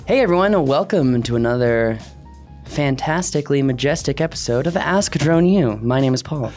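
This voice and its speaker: A man's voice: medium pitch, lively intonation, normal speed, darkish tone, faint music behind. A man co-hosting a podcast in casual banter, playful and jokey while explaining things loosely. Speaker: podcast co-host.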